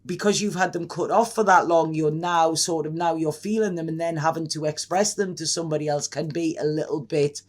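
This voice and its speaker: Man, high voice, excitable, rambling tarot reading, casual. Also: brisk, few pauses. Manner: rambling and effusive, with many restarts and laughs. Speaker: tarot reader.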